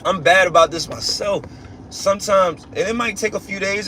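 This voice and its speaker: A man's voice: sits high, moderate pace, sharp tone, a little hiss or hum. A young man giving a casual spiritual rant as a religious teacher, emphatic and profane, repeating himself and restarting often.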